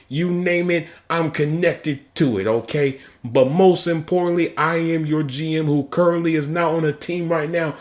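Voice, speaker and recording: A man hosting a football podcast solo, talking with hyped, energetic delivery, big shouted outbursts and repeated "okay?" and "guess what?". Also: fairly high pitch. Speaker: podcast host.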